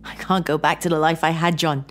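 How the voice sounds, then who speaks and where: A woman's voice: low voice, flat delivery, brisk, soft background music, voice pushed up, lightly acted. A woman voicing a tearful, pleading wife in a horror story, emotional and shaky. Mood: pleading, hurt. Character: tearful, pleading woman facing her divorce.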